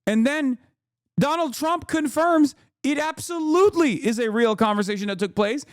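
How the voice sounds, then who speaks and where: A man hosting a live news reaction stream, talking casually and incredulously in an animated rant. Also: very high-pitched, normal speed, dry recording, studio quality. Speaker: streamer host.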